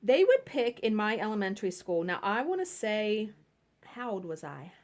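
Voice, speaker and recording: A woman's voice: medium pitch, sing-song, normal speed. A woman vlogging casually while she cross stitches at home, telling stories and laughing at herself. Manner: chatty storytelling, laughing at herself.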